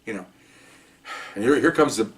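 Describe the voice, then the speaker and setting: Recorded on a distant mic, a retired cop in his later years spins casual first-person tales at a normal pace. His voice is fairly low, and he keeps things chatty and jokey with lots of "okay?" thrown in.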